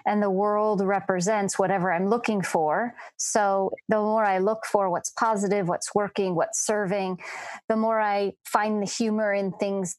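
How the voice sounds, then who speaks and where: A woman's voice: mid-range voice, a little mellow, dry recording. Earnest woman coach on a podcast. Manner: earnest, reflective, frequent restarts. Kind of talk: reflective podcast conversation.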